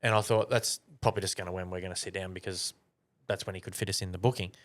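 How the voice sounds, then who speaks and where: A man's voice: sits low, steady tone, fast talker. Sweary man telling a story. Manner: swears a lot, rambling anecdote. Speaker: podcast co-host. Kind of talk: casual storytelling chat.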